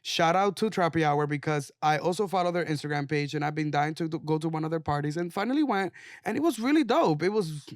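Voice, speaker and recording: A young man, co-hosting a casual podcast chat and telling stories with lively emphasis. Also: on the high side, fast, dry recording, studio quality. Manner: animated, emphatic storytelling. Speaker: podcast co-host.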